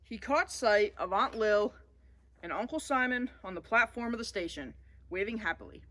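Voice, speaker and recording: Expressive woman reading a children's story. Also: mid-range voice, normal speed. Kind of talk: storybook read-aloud.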